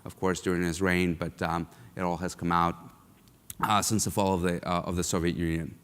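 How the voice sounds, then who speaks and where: A low-pitched man from Russia delivers a keynote talk in a large lecture hall. His voice is smooth and resonant, and it carries a long hall reverb. He speaks conversationally, with lots of ums and uhs. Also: level tone, a little fast, fairly bright tone.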